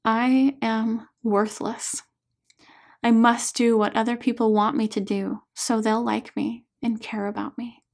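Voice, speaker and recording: A woman's voice: fairly high pitch, level tone, a little slow, darkish tone. A woman reading an audiobook, voicing a troubled adult woman client who speaks emotionally and confessionally during a therapy session. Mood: hushed.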